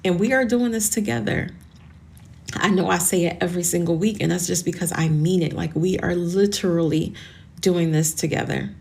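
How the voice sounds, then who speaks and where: A woman's voice: fairly low pitch, steady tone, normal speed, gravelly, darkish tone. A woman in her forties hosting a motivational podcast, talking to listeners in an earnest, encouraging way and sounding close to tears. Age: 40s. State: tearful, emotional. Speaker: podcast host.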